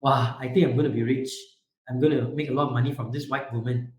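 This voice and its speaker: A man doing a greedy, gruff shopkeeper. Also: mid-range voice, steady tone, quick pace, a little mellow, echoey room, pitched below the performer's own voice, lightly acted. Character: greedy, hot-tempered male shopkeeper.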